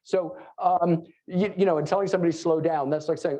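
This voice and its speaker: Fast-talking New York man lecturing. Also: a little high, fairly even intonation, mellow. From New York City. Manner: fast-talking, joking asides, many fillers. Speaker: conference lecturer. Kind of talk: live conference presentation. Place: conference room before an audience. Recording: dull lo-fi room recording.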